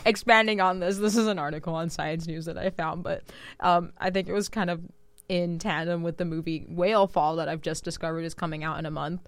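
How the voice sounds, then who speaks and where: A woman's voice: fairly low pitch, steady tone, brisk, dry recording. Giggly woman co-host, rambling. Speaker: radio show co-host. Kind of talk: casual radio chat.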